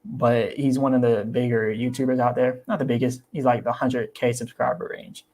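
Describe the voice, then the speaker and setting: A man's voice: mid-range voice, flat delivery, moderate pace, darkish tone. A young man chatting casually on his livestream about crypto. He talks animatedly, repeats himself and acts out the people he quotes. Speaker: crypto YouTuber.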